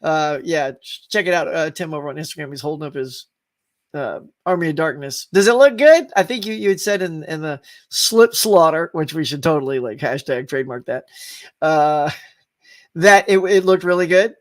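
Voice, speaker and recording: A man's voice: on the high side, lively intonation, normal speed. A man hosting a live stream, chatting casually, laughing often and greeting viewers by name as he reads their comments. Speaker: host of a live stream show.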